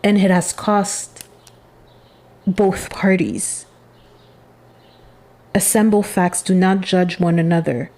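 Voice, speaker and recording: A woman giving a channeled spiritual reading, speaking in a soft, meditative, halting way. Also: on the low side, steady tone.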